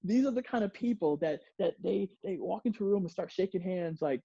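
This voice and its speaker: A playful workshop presenter talks to a group, acts out examples and laughs between points. The voice is dark and mellow. The sound is dry and dull, like a lo-fi recording. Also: mid-range voice, animated, brisk, vocal fry, hardly any pauses, husky, no echo.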